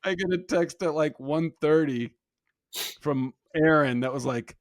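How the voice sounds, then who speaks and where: A man's voice: fairly high pitch, measured pace, no room sound, clean studio sound. A man in his thirties co-hosting a comedy podcast, telling a family story in casual chat and acting out the quoted lines. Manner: animated storyteller, acts out quotes in raised voice. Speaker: podcast co-host.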